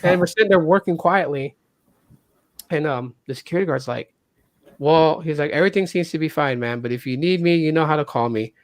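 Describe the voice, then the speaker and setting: A man with an animated way of telling a story, who acts out the people he quotes. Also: fairly quick, no room sound. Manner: animated, acts out quotes with jumps in pitch and loudness. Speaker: podcast host. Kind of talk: casual storytelling.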